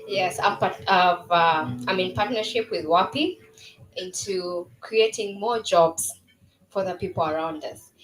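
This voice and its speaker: Her voice sits fairly low and she takes her time, with a little hiss or hum on the recording. She's a founder in her twenties earnestly launching her new business at an event venue, frequently restarting and using fillers while music and a crowd carry on in the roomy space.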